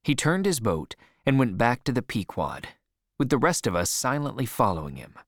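A man narrating an adventure story as a scripted audiobook, expressive and measured. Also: medium pitch, no room sound, studio quality.

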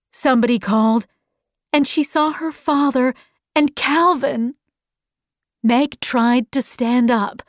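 A woman narrating a graded reader audiobook slowly and clearly. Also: high voice, no room sound, clean studio sound. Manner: slow, clearly enunciated.

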